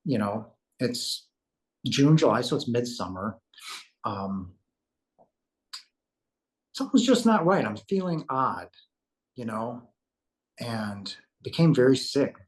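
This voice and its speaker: A man at an average pitch shares a personal story as an interview guest. He speaks casually and earnestly. He brings remembered conversations to life with animated delivery. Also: slow pace. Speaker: interview guest recounting a near-death experience.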